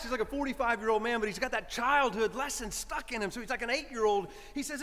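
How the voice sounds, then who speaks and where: Male priest, high, highly animated delivery, conversational sermon, church reverb. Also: fast talker, hardly any pauses. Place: church sanctuary.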